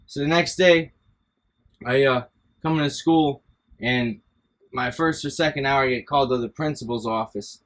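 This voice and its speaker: A man's voice: mid-range voice, animated, moderate pace, vocal fry, long pauses, fairly bright tone. A man casually telling stories from his school days, rambling and profane, often breaking into laughter. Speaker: podcast host. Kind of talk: casual storytelling chat.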